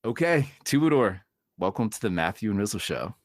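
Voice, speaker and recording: A man's voice: on the low side, very animated, brisk, dry recording, clean studio sound. A man hosting a podcast, introducing the episode and chatting casually with his guest in an upbeat way. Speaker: podcast host.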